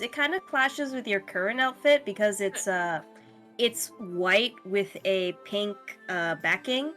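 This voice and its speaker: A woman's voice: mid-range voice, fairly bright tone. A woman narrating a tabletop game as game master, casual and profane.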